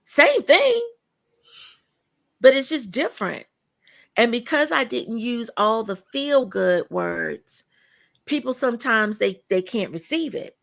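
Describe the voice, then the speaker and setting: A woman's voice: fairly high pitch, a little slow, creaky. A woman guest on a podcast, chatting casually and emphatically and acting out the people she quotes in her stories. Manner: animated storyteller who acts out quoted dialogue; emphatic, repeats words for stress.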